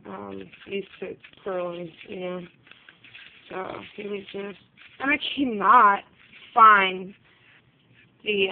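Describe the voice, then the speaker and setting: A woman's voice: mid-range voice, creaky. Chatty crafting woman, tinny phone sound. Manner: chatty, rambling, apologetic asides. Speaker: craft vlogger. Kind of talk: casual craft show-and-tell. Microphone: phone camera. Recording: tinny phone-quality recording.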